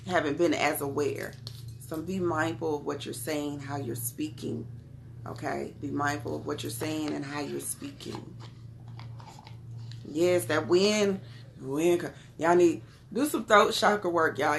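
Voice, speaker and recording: A woman's voice: sits low, vocal fry, slight background noise. A woman with a Southern US accent, chatting casually with viewers on a live stream while reading tarot cards, calling them y'all and beloved. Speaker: tarot card reader.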